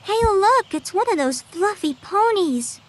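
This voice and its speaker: A woman's voice: extremely high pitch, animated, measured pace, pitched above the performer's own voice. A woman voicing a shocked young woman passerby asking startled questions.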